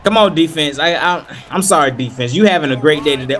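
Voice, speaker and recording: A young man giving casual play-by-play commentary while playing a football video game, animated, hyped and trash-talking. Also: on the high side, quick pace, hardly any pauses. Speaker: gaming video creator.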